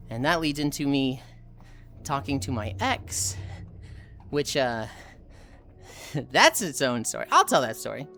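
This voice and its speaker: A low-pitched woman streamer spins a casual story full of swearing. Her pitch rises and falls a lot as she acts out the people in it. Faint music sits in the background. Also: slow, long pauses. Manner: animated, profane, acts out voices.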